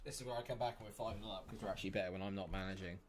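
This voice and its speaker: Chatty man streaming, low voice. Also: steady tone, racing, crowd noise. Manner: chatty, mild swearing, talks to chat and players. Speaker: game streamer. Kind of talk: casual live-stream commentary. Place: home room near a main road.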